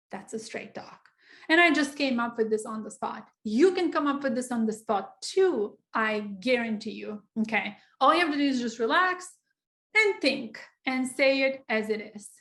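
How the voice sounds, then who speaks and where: A woman with a fairly high voice coaches students on personal statements in a loose, conversational way. She pauses on fillers, circles back, and slips into reading sample passages aloud. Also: a bit bright. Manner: conversational, frequent fillers, acts out sample writing. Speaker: writing coach. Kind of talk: informal online lesson.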